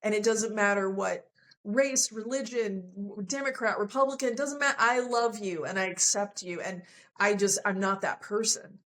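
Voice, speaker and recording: A woman's voice: mid-range voice, normal speed, fairly bright tone, poor audio. A woman guest on a podcast, telling a personal story candidly and emotionally, acting out the lines of the people in it. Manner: earnest, emotional, acts out quoted dialogue.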